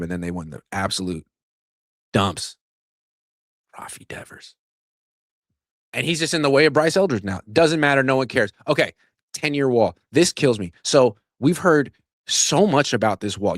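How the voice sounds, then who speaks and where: A man's voice: lowish voice, no room sound, clean studio sound. A man hosting a sports show, ranting in casual, sarcastic commentary that is full of swearing, and getting worked up as he goes. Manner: animated, sarcastic, swears, rants at length. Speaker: sports podcast host.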